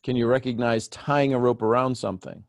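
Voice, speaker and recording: The host of this live video coaching call has a mid-range, gravelly voice and talks a little fast, recorded clean in a studio with no room sound. He's animated and playfully teasing, joking with his callers as he leads them through questions one step at a time.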